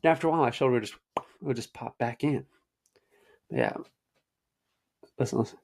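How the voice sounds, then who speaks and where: A man's voice: mid-range voice, wildly swooping pitch, fairly quick, creaky. A young man hosting his own show, telling long, loose stories to the camera in slangy talk full of "like" and "dude". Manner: rambling, slangy, says "dude" and "like" often. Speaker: host. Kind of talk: casual storytelling to camera.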